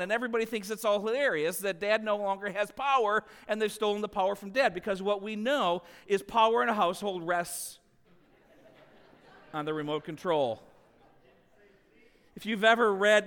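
Man, pastor, sermon, high voice, long hall reverb, animated storytelling. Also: fairly quick. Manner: animated storytelling, rising loud when acting out scenes.

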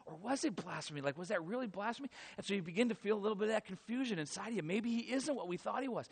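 Man, preacher, high-pitched, sermon, dramatic retelling, quiet then loud. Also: expressive, very fast, gravelly, breathy edge. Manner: dramatic storytelling, swinging from hushed to loud. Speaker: pastor.

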